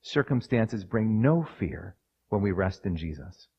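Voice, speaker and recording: A man preaching a sermon, moving from quiet personal storytelling to loud, dramatic scripture readings. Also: on the low side, big pitch swings, unhurried, slightly rough, dull audio.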